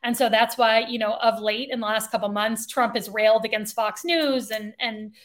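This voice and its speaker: A woman's voice: fairly high pitch, fairly even intonation, moderate pace. A woman co-hosting a podcast, chatting casually about politics in an opinionated, sarcastic way. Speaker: podcast co-host.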